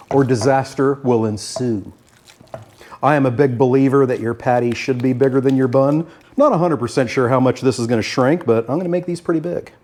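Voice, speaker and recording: A man's voice: mid-range voice, darkish tone. Folksy grandfatherly cooking host. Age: older. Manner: folksy and jokey, with frequent "uh" fillers. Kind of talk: casual cooking narration.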